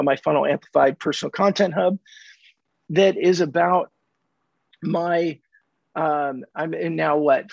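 Gravelly, husky-voiced man telling stories. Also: a little high, no room sound. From California. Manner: animated, acts out dialogue in anecdotes. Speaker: podcast guest, sales coach. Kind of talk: conversational storytelling. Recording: dull dry lo-fi audio.

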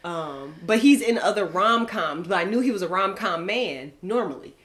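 A young woman co-hosting a podcast in casual chat, animated and often laughing as she rants. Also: medium pitch, moderate pace, a crowd in the background. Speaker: podcast co-host.

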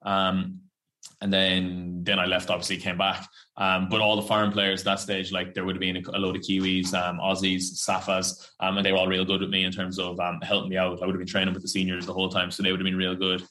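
Deep-voiced and monotone, this young Irish man speaks quickly with a bright, forceful edge. He's a professional rugby player being interviewed for a casual podcast, and his talk wanders, heavy on slang, fillers and free swearing.

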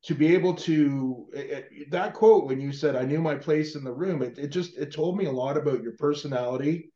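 A man's voice: fairly high pitch, dark tone, highs cut off. Rambling male host in an echoey room. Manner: rambling, halting, many "uh"s and restarts. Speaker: podcast host, interviewer. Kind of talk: casual interview questions.

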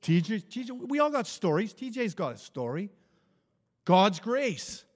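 A man's voice: high voice, big pitch swings, a little slow. A man preaching an informal sermon, telling stories in a conversational way, often restarting his phrases and chuckling. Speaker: pastor. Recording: long hall reverb.

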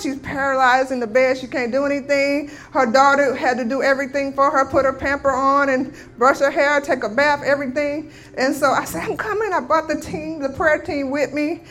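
A woman's voice: high-pitched, a bit bright. A woman giving a sermon testimony, telling a healing story with emphatic declarations. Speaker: guest speaker.

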